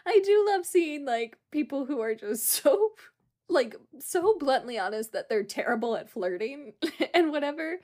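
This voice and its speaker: A woman co-hosting a casual chat, animated and quick to laugh, often trailing off mid-thought. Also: high-pitched. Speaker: podcast co-host.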